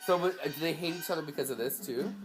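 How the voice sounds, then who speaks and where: A man co-hosting a comedy podcast, chatting excitably while watching a film. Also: fairly high pitch, quick pace, rough recording. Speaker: podcast co-host. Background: film soundtrack music.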